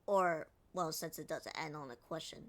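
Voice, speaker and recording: A woman's voice: low voice, normal speed. A woman streamer in casual game commentary, critiquing voice acting with lots of fillers.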